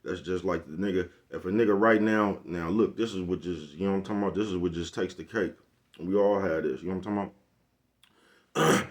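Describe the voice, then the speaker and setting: A man with a deep, low-set voice talks straight to camera in a loose, rambling rant. He is blunt and heavy on profane slang, circling back again and again to ask if you follow him. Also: brisk. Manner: rambling, keeps asking "you know what I'm talking about". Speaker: vlogger. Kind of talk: casual monologue rant.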